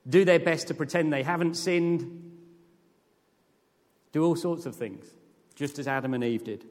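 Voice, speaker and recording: A man preaching a sermon with earnest, lively emphasis that rises to emphatic peaks. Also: a little high, unhurried. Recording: long hall reverb.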